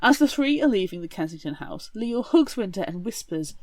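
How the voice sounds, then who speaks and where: A woman's voice: mid-range voice, big pitch swings, brisk, a little mellow, dry recording. Wry woman summarizing a book. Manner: wry, sarcastic asides while summarizing. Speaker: podcast co-host. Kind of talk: casual book recap.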